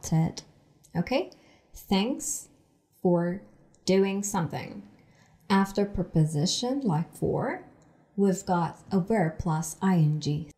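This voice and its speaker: A woman teaching English from sitcom clips, explaining phrases slowly and repeating them for learners. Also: on the low side, warm tone. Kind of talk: explaining language lesson.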